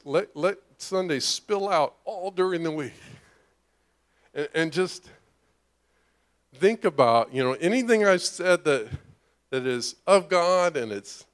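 A middle-aged man preaching a conversational sermon, often asking "right?" and acting out the voices of the people he describes. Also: fairly high pitch. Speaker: pastor.

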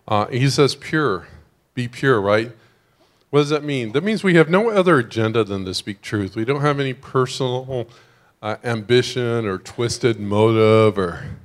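Man preaching, chatty sermon style, mid-pitched voice, frequent "right?" asides. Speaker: pastor.

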